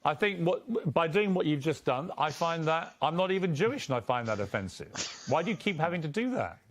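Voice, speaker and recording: A man's voice: fairly high pitch, sing-song, brisk. A British man conducting a combative TV interview, pressing his questions firmly and insistently.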